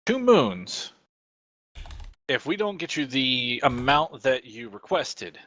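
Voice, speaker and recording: A man's voice: medium pitch, sing-song, slow, a bit bright. A man playing a tabletop role-playing game, laughing often and stammering as he bargains. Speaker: player. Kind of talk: casual tabletop role-play chat.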